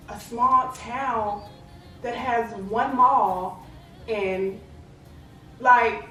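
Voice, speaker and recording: A woman's voice: on the high side, fairly bright tone. Chatty woman in an echoey room. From Lubbock, Texas. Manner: chatty, fills with "like" and "you know what I'm saying". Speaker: vlogger. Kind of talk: casual talk to camera. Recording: echoey room, distant mic, faint ambience.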